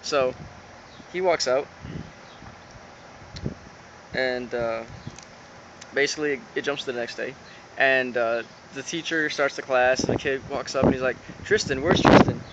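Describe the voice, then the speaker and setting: A man's voice: mid-range voice, fairly even intonation, unhurried, long pauses. A man casually recapping an anime episode, rambling along with lots of fillers and retold lines. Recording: dull lo-fi sound with background noise.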